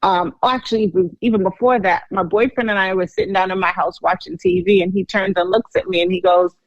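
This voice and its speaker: A woman's voice: medium pitch, steady tone, a little fast, dry recording, muffled recording. A woman co-hosting a podcast, telling her own story in a candid, chatty way. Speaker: podcast co-host.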